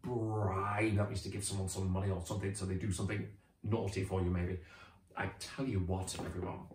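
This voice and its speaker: A British man teaching a children's phonics lesson, sounding out words slowly and cheering the children on. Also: sits low, echoey room. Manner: animated, drawn-out sounding out of words.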